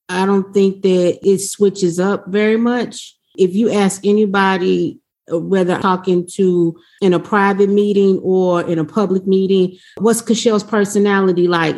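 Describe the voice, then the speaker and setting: A woman's voice: mid-range voice, steady tone, normal speed, a little mellow. A woman giving her view on a panel discussion, speaking emphatically in a conversational way, repeating phrases for weight.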